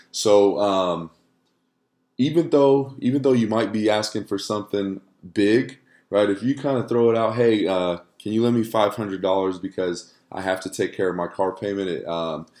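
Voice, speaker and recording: A man's voice: deep voice, darkish tone. A man teaching an online course to camera in a casual, conversational way, often checking in with "right?" and using fillers.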